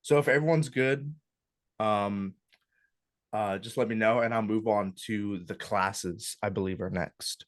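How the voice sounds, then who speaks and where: A young man with a fairly low voice talks a classroom group through options in a loose, unhurried manner, filling pauses with ums and uhs. The sound is close and dry, with little room around it. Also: no room sound. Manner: relaxed, hesitant, lots of ums and uhs. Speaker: club workshop instructor. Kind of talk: casual classroom walkthrough.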